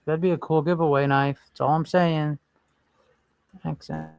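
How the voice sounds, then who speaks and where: A man's voice: on the high side, steady tone, moderate pace, vocal fry, darkish tone, clean tone, dry recording, highs cut off. A man hosting a casual livestream, rambling and thinking aloud while browsing and chatting with viewers. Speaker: livestream host.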